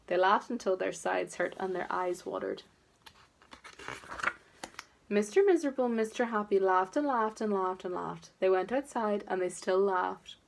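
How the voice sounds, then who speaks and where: Gravelly woman reading a children's story. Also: mid-range voice, moderate pace, a little hiss or hum. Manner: expressive, gently coaxing. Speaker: preschool teacher. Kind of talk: reading a storybook aloud to toddlers.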